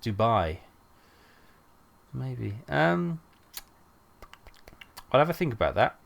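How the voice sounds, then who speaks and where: A man's voice: mid-range voice, very animated, takes it slowly, creaky, fairly bright tone, muffled recording. A man streaming a truck driving game, rambling chattily and greeting viewers by name while he drives. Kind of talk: casual live-stream chat while driving.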